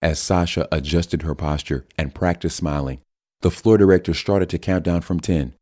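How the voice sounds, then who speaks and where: A male narrator reads the story in a steady, measured way. His voice sits low and dark, mellow rather than bright. The delivery is unhurried and plain. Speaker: audiobook narrator. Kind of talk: scripted audiobook narration.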